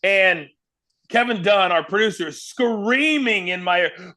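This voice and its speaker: Bright, lively storytelling man. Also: high voice, unhurried. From Kansas, USA. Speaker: guest, former wrestling broadcaster. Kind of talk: storytelling interview.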